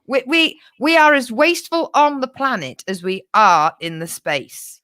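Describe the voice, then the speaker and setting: A woman's voice: fairly high pitch, big pitch swings, measured pace, bright, forceful tone, clean tone, no room sound, clean studio sound. A young woman co-hosting a comedy podcast, chatty and joking, swearing and laughing a lot. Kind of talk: casual comedic banter.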